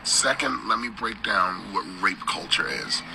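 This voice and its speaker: A man's voice: on the low side, unhurried, gravelly, noisy background. A man giving firm, emphatic commentary in a played-back social media video clip.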